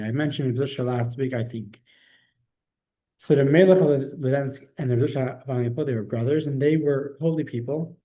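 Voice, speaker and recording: A man's voice: mid-range voice, warm tone, muffled recording. A man teaching a religious class as its rabbi, telling stories conversationally with frequent restarts. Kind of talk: storytelling lesson.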